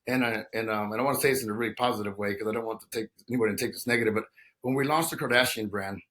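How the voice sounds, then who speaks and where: A man's voice: lowish voice, very fast, a bit bright. A man in his fifties from Texas, a guest telling his story in a conversational interview, talking in long runs with many restarts and "you know" fillers. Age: 50s.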